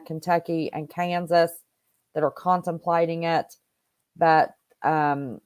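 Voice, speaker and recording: A woman's voice: low-pitched, a little mellow, no room sound. A woman hosting a casual livestream, chatting and greeting viewers by name. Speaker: host. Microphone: home computer mic on wired connection.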